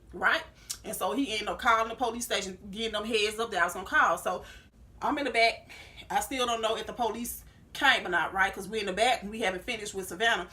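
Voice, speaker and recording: Fast-talking bright woman in her thirties. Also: mid-range voice. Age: 30s. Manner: heated, reenacts her own arguments with lots of "I said". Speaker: vlogger. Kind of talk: storytime vlog.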